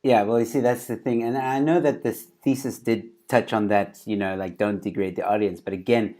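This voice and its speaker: A man's voice: on the low side, steady tone, moderate pace, darkish tone. A man hosting a casual interview over a video call, talking with many fillers and restarts. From South Africa. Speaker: host.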